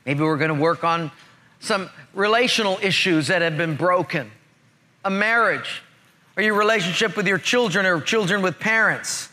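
A man preaching a sermon, telling a personal story and acting out the dialogue in lively fashion. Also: sits high, normal speed. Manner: animated, acts out dialogue in his stories. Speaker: pastor.

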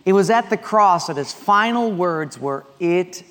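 Guy preaching a sermon, pretty high voice, tosses questions at the crowd, echoey hall. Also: expressive, moderate pace, bright, forceful tone. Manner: storytelling with call-and-response questions. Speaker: pastor.

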